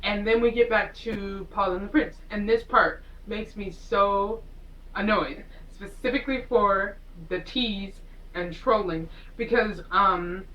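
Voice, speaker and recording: A woman vlogger recaps a film casually, in a mid-range, fairly bright voice, taking her time. She's far from the mic, and the audio is poor. She rambles, throws in sarcastic asides, and acts out the characters as she goes.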